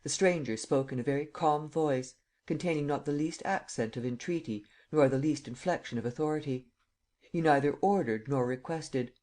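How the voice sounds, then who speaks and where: A man narrating a classic novel in a measured, steady way. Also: on the high side. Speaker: audiobook narrator. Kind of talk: scripted narration.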